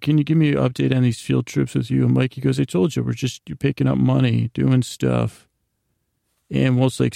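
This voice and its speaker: A man's voice: mid-range voice, creaky, warm tone, dry recording, clean studio sound. A man hosting a podcast, casually retelling a TV episode in a loose storytelling way, full of "he goes" and "like" asides. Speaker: podcast host.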